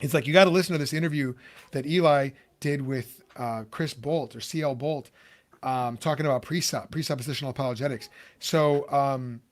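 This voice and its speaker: A man's voice: medium pitch, brisk. A man from Chicago hosting a podcast, chatty and rambling, with many fillers and restarts. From Chicago, USA. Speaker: podcast host. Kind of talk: casual podcast interview.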